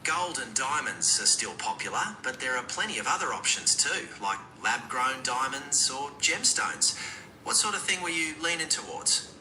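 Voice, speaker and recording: Bright Australian-accented male assistant voice. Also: medium pitch, lively intonation, normal speed, reverberant, a little hiss or hum, low-quality recording. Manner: laid-back, slangy, noncommittal. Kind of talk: conversational answers.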